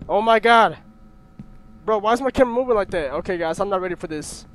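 Jumpy high-voiced young gamer guy. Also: animated, quick pace, a bit bright, slight background noise. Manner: nervous, jumpy, swearing, yelping at scares. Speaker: gaming YouTuber. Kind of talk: horror game commentary.

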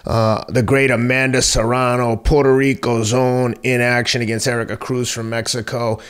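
A man co-hosting a boxing podcast, recapping fights in a relaxed, casual way and laughing easily. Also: mid-range voice, moderate pace, clean tone. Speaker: podcast co-host. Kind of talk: casual sports talk.

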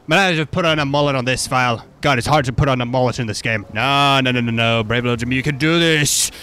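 A man's voice: mid-range voice, fast, pushed and bright, a little hiss or hum. A man doing joking, profane gameplay commentary, rambling and goofy as he plays. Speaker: gaming YouTuber.

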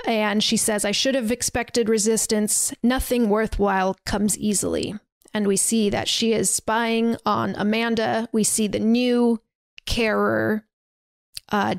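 Retelling a movie scene by scene, this chatty woman hosting a podcast quotes lines and leans on fillers in a casual recap. Her voice is medium-pitched and gravelly, recorded dry.

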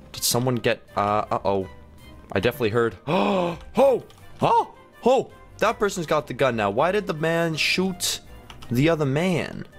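A young man giving excited commentary on his own gameplay, sick with a headache, jumping into sudden high shouts. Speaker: gaming YouTuber.

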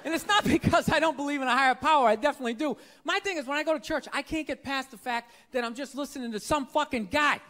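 Bright-voiced man ranting on stage. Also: very high voice, quick pace, hardly any pauses, some chatter behind. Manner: ranting, profane and incredulous. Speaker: stand-up comedian. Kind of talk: stand-up comedy. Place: stage before a live audience. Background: audience laughter.

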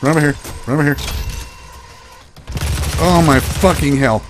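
A man commentating his own gameplay, panicking and swearing through fights, then calming down to chat. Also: fairly high pitch, normal speed, noisy background. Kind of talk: let's play commentary.

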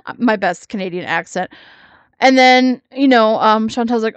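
A woman's voice: on the high side, moderate pace, clean tone, dry recording. A woman giving sassy, mocking reaction commentary on another creator's video. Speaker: commentary YouTuber.

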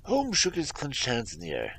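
A man reading a story aloud on a livestream with measured storybook narration. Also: mid-range voice, wildly swooping pitch, creaky, fairly bright tone, slightly rough, rough recording. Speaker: reader.

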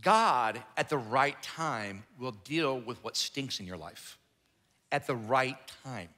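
A man's voice: mid-range voice, animated, takes it slowly, bright, forceful tone. A middle-aged man preaching a sermon as a pastor, conversational and joking, acting out the Bible characters as he tells the story. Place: church sanctuary. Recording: echoey hall, long reverb.

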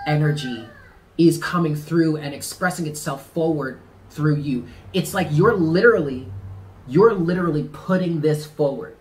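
A man giving a casual tarot reading to the camera, talking in an animated, slangy way with swearing and laughs. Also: on the high side. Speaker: tarot reader.

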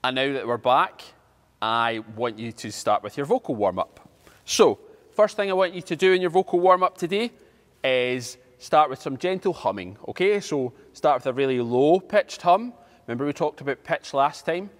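A man teaching an online drama class, guiding warm-ups with energetic instructions and frequent checks of "okay?". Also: mid-range voice, moderate pace, in a large hall.

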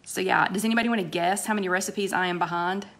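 A woman's voice: mid-range voice, steady tone, fast, fairly bright tone. A woman hosting a casual live-stream chat, chatting away and cheerfully greeting viewers one by one by name.

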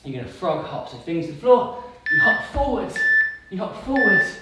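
A man's voice: sits high, big pitch swings, normal speed, heavy background noise. A man coaching a kids' workout, upbeat and encouraging, calling out countdowns and cues between quiz questions. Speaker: fitness coach. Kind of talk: kids workout instruction with quiz. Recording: very echoey room, mic far off.

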